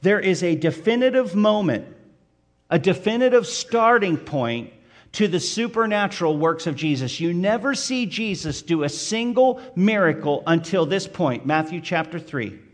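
A man's voice: sits high, animated, moderate pace. A man preaching a sermon, addressing the listeners directly with questions and building emphasis on key points. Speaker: pastor.

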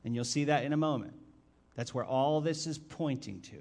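A male pastor preaching a sermon and reading scripture, asking his listeners direct questions and stressing key words by swinging his loudness. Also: mid-range voice, lively intonation, moderate pace. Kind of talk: expository sermon with Bible reading.

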